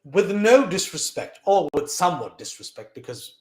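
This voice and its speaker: A young man from South Asia telling a personal story in an animated way, acting out quoted voices with frequent fillers. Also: sits high, normal speed, echoey room. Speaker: vlogger recounting lessons from his mother.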